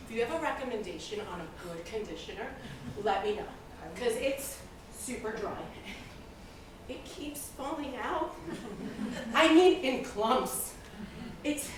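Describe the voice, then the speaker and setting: A woman's voice: a little high, a little hiss or hum. A woman in her forties performing a comic stage monologue, laughing often and slipping into Spanish. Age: 40s. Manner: lively, laughing, switches into Spanish. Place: theater stage. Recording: echoey theater, heard from far off.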